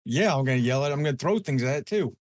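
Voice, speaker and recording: A man's voice: medium pitch, lively intonation, very fast, no room sound, clean studio sound. A man playing a tabletop game, brash and blustery, swearing his way through rolls. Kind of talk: casual play, in-character banter.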